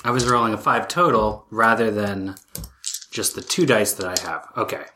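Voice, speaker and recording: A player in a tabletop role-playing game who talks in an animated, chatty way and reacts quickly to the action. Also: mid-range voice, noisy background.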